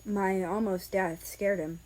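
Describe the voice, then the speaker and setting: A woman reading a first-person fan fiction story aloud, calm and measured. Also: mid-range voice, poor audio. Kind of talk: first-person audiobook narration.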